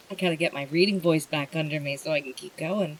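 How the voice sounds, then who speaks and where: Slow, gentle bedtime-story streamer. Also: mid-range voice, breathy edge, rough recording. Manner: gentle, unhurried and emotional. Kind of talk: bedtime story reading and chat.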